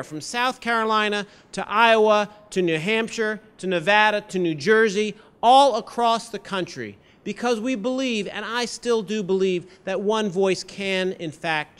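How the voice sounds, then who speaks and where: A man with a notably high voice tells a campaign story to a university audience. He moves between plain narration and punchy acted-out quotes, building to a rousing close. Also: normal speed, few pauses, a bit bright, clear, resonant tone. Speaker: political candidate giving a campus talk. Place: university lecture hall event.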